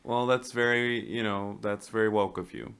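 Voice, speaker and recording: A man's voice: fairly low pitch, fairly even intonation, moderate pace, fairly bright tone, clean tone. A man co-hosting a podcast, joking in a laid-back way about a film. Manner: jokey, laid-back, playful. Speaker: podcast co-host. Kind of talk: casual film discussion.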